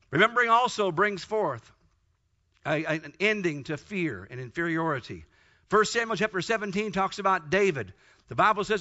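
A male preacher with a high, bright and tense voice delivers a fervent sermon. He tells Bible stories with emphatic repetition, captured on a dull, lo-fi recording.

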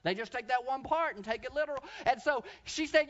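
Male pastor, high voice, sermon storytelling, quiet asides into loud shouts, slightly muffled broadcast sound. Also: brisk, hardly any pauses.

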